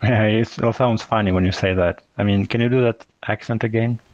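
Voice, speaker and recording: A man's voice: fairly low pitch, fairly even intonation, normal speed, a little mellow, no echo. Inquisitive man, dull dry sound. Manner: curious, asks many questions, careful phrasing. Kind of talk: casual chat.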